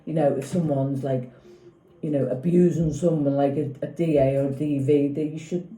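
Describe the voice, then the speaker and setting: Rambling fifty-something woman, dark mellow voice. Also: sits low, steady tone, moderate pace. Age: 50s. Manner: rambling, opinionated, keeps asking "do you know what I mean". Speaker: vlogger. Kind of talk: casual opinion chat about a TV show. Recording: echoey room.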